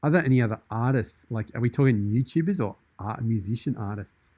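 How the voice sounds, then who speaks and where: Mellow-voiced Australian man, jokey streamer. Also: medium pitch, brisk, no echo, muffled recording. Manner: jokey, deadpan, in-character banter. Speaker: live-stream host in a shark persona. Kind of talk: casual live-stream chat reading comments. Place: studio with green screen.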